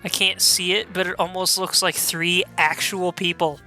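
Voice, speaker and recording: A man chatting casually while playing a game, joking about his own slips. His voice is bright and sharp, with faint game music running underneath. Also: high voice, little pitch movement, moderate pace. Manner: chatty, self-deprecating, laughs at own slips. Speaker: let's play host.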